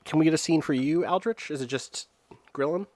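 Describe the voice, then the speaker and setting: A man's voice: a little high, a little fast, darkish tone. A man playing a tabletop game in casual chat, rambling with many fillers and restarts as he describes his character's scene.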